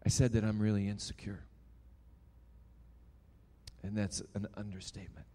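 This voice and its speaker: A man preaching a sermon, telling a story dramatically and swinging between loud and hushed. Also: lowish voice, flat delivery, normal speed.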